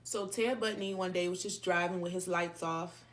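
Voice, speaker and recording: A woman's voice: fairly low pitch, fairly even intonation, moderate pace, slight background noise. Rambling woman chatting while eating. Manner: chatty, rambling, with many fillers and restarts; talks between bites of food. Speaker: mukbang vlogger. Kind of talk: casual storytelling while eating.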